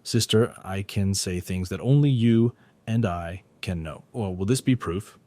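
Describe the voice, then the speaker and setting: A man's voice: low-pitched, measured pace, warm tone, no room sound. A man voicing an earnest teenage boy in a storybook recap, pleading and eager to convince. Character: earnest anxious teenage boy, younger brother.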